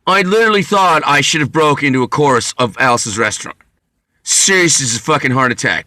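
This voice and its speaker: Man, wry profane storyteller, bright tone, dry room. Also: medium pitch, expressive, a little fast, no echo. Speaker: vlogger. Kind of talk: rambling monologue.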